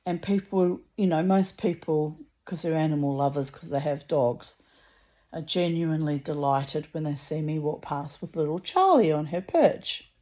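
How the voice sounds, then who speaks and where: A woman's voice: deep voice, normal speed, mellow. A middle-aged woman, casually telling a rambling story with many asides. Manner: rambling and chatty, full of asides. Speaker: vlogger.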